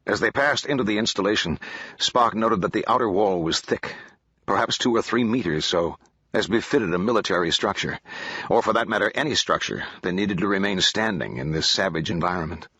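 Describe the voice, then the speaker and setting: A man narrates an audiobook steadily, his low voice husky with a sharp, tense edge. The recording is dry and dull, with a muffled top end. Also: fairly quick, no echo. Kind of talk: scripted narration.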